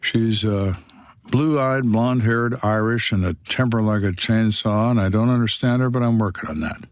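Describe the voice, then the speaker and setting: A man's voice: lowish voice, moderate pace, no room sound. A man in his sixties, a retired detective, telling stories on a podcast in a blunt, dry, wry way. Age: 60s. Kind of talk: storytelling on a podcast.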